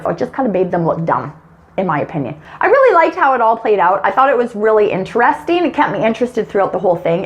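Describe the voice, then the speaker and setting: A fairly high-voiced young woman chats through a film review on her vlog. She is expressive and animated, reacting with open disgust as she goes. Her manner is casual and conversational throughout.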